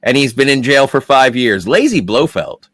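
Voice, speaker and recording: A man's voice: mid-range voice, lively intonation, normal speed, fairly bright tone, dry recording, studio quality. A male podcast co-host chiming in with short joking interjections during casual chat.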